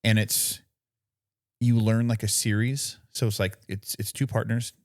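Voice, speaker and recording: A man with a fairly low voice co-hosting a casual podcast chat, recorded close and dry with no room sound. He explains things at length, searching for the right words as he goes and checking in with "you know what I mean". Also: little pitch movement, a little slow, no room sound. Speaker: podcast co-host.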